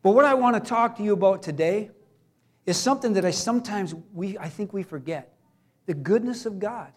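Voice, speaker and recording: A man with a very high voice preaching a sermon. He talks to the congregation in a casual, conversational way, then breaks into loud, acted cries. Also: lively intonation, brisk. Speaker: pastor.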